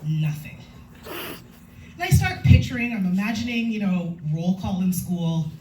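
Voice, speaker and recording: A woman's voice: medium pitch, unhurried, a little hiss or hum. A young adult woman performing a stand-up comedy set, telling stories and acting out quotes. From Canada. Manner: animated storytelling, acting out quotes. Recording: echoey room from far off.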